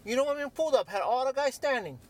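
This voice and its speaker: A man's voice: extremely high pitch, rapid-fire. A man with a Hawaiian Pidgin accent casually telling a story, acting out sounds and voices and sometimes dropping to a near whisper. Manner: animated, acts out sounds and quoted voices, drops to near-whispers.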